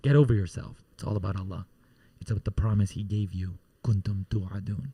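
A man who teaches Quran recitation, chanting verses in long melodic lines and then explaining them softly. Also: on the low side, fairly even intonation, gravelly, husky. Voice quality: melodic, drawn-out chanting alternating with hushed explanation.

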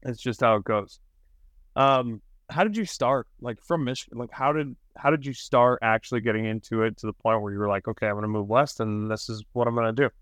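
A young man hosts a casual interview, talking loosely with plenty of likes and you-knows and an occasional swear. His voice comes across smooth and clear, recorded dry and close. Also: mid-range voice, fairly quick, fairly bright tone, dry recording. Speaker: podcast host.

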